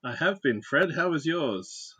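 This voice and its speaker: A man's voice: on the high side, expressive, measured pace, sharp tone, breathy edge, no room sound. A man hosting a casual livestream, chatting and greeting viewers by name while he builds. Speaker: livestream host.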